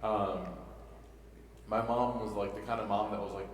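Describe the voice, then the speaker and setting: A young imam whose family is from Egypt and who was raised in Chicago gives an emotional talk to youth in a mosque, telling stories with jokes and frequent rhetorical questions. His fairly low voice keeps a level tone at a moderate pace. The recording is from far off in an echoey hall, with a little hiss or hum.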